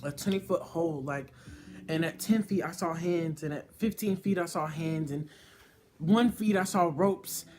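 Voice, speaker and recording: A man's voice: fairly high pitch, moderate pace, a little mellow, soft background music. A young man talking earnestly and openly in a personal vlog, heartfelt and swearing freely. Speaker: YouTuber. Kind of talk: emotional personal vlog monologue.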